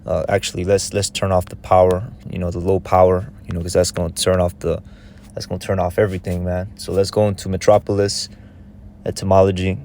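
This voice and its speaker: A man's voice: sits low, little pitch movement, brisk, a little mellow, slight background noise. A man giving a casual, conversational scripture lesson in a loose, repetitive way of talking. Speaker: religious teacher.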